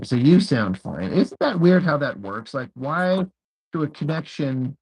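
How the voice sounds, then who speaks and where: Guy with a husky voice chatting on his phone livestream at home, kinda puzzled, easygoing. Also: a little high, big pitch swings, a little slow, a little mellow, poor audio. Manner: easygoing, puzzled, talks through tech trouble. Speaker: live stream host. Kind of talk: casual chat.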